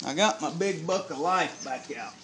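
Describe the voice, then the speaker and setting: A man preaching a sermon to a live congregation, lively and humorous, quizzing the crowd. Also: a little high, normal speed, a little hiss or hum. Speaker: pastor.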